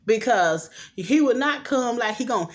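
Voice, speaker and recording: A middle-aged woman casually recapping a TV episode, acting out the characters' lines with slangy, animated asides. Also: fairly high pitch, moderate pace. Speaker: show recap host.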